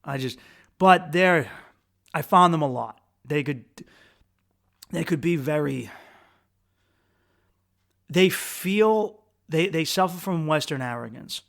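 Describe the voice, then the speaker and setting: A man from the United States hosting a podcast, telling a travel story in a rambling, crude, self-mocking way with quick restarts. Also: on the high side, expressive, gravelly, fairly bright tone. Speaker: podcast host. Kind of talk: casual storytelling monologue.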